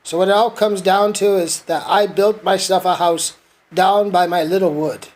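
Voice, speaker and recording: A man's voice: high-pitched, steady tone, moderate pace, lightly acted. A man reading as Eeyore, the gloomy donkey. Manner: mournful, sarcastic muttering. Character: gloomy, melancholy male donkey, self-pitying.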